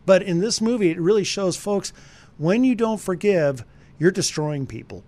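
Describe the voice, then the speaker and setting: A man giving a conversational radio movie review, animated and speaking straight to the listeners. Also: high voice, normal speed.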